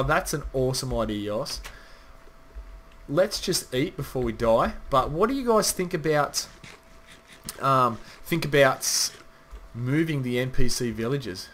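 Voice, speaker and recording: A man's voice: on the high side, fairly bright tone. A man rambling casually through gameplay commentary, swearing now and then and chatting straight to his viewers. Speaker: gaming channel host.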